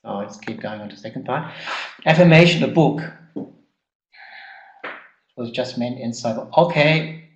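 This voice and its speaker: A man's voice: medium pitch, expressive. Male seminar trainer, mid-range voice, hesitant and repetitive, recorded live in a reverberant room. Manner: halting, repeats words, many ums. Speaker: personal growth trainer. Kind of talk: live workshop teaching. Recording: echoey room.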